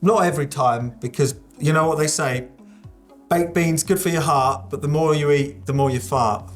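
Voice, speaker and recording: A woman, a musician guest, chatting casually in an interview, self-deprecating and quick to laugh. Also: low-pitched, soft background music. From United Kingdom.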